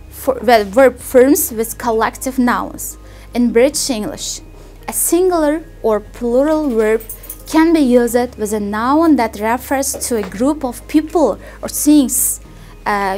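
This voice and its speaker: A woman's voice: fairly high pitch, darkish tone. Young woman giving a careful class talk. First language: Uzbek. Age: young adult. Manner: careful, deliberate explanation with repeated example words. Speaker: student presenter. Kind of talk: classroom presentation.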